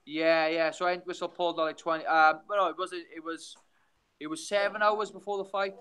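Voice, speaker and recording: Bright-voiced young Welsh man. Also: on the high side, little pitch movement, fairly quick, smooth, low-quality recording. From Wales. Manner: rambling storyteller, many restarts. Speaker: guest fighter. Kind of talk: casual chat on a video call.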